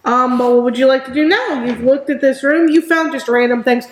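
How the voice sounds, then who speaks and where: A woman narrating as game master of a tabletop game, describing scenes in an unhurried way. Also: high voice, noisy background. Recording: echoey room with background music.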